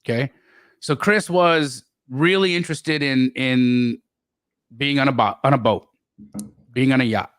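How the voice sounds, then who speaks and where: A middle-aged man telling stories as a podcast guest, animated, often repeating words and restarting. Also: unhurried, pauses often, dry recording, clean studio sound. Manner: animated, acts out quoted voices with big pitch jumps. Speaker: guest real estate investor. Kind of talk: storytelling in a podcast interview.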